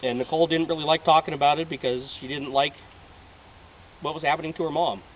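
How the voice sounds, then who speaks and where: A man's voice: a little high, fairly even intonation, fast talker, a little hiss or hum. Earnest man filmed from a distance. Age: 30s. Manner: emotional, heartfelt. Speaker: reality show applicant. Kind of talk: earnest personal appeal. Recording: distant, dull home video audio.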